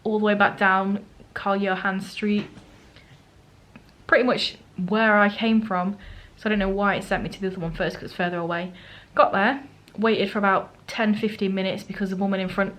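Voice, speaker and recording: A woman's voice: medium pitch, level tone, a little fast, a bit bright, low-quality recording. Chatty self-mocking woman vlogger. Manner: chatty and self-mocking, acting out what people said. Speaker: travel vlogger. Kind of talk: casual storytelling to camera. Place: holiday rental flat.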